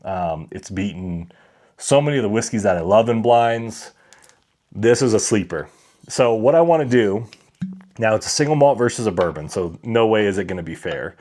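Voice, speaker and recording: A man's voice: lowish voice, expressive, moderate pace, a little mellow. A man hosting a casual whiskey livestream, chatting with viewers and reading their comments aloud. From Colorado.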